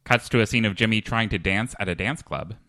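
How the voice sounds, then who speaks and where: A man hosting a comedy podcast, reading stage directions in a lively, upbeat way in a comedic script read-through. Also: fairly low pitch, a little fast, no room sound, studio quality.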